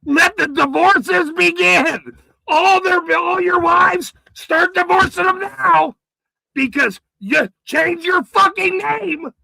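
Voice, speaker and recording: A man hosting his own channel, delivering an angry, profane, boastful rant straight to camera with frequent shouting. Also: very high voice, slow pace, creaky, no echo, rough recording. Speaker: channel host.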